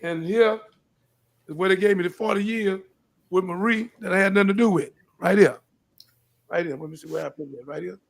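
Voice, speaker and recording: Impassioned high gravelly older man. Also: fairly quick, pauses often. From Houston, Texas. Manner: impassioned, repetitive, rising to pleading questions. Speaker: live show host. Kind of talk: preachy live-stream talk.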